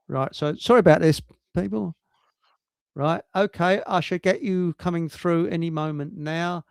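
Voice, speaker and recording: A man's voice: fairly high pitch, no room sound, clean studio sound. Rambling man hosting a stream. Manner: rambling, halting with many restarts. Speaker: livestream host. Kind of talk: casual chat. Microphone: computer mic on a video stream.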